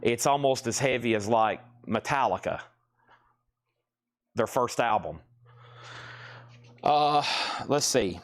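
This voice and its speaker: A man's voice: mid-range voice, slow, pauses often. Man, mid-range voice, live-stream auction host; joking patter, rattles off prices and bids, a bit winded. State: out of breath.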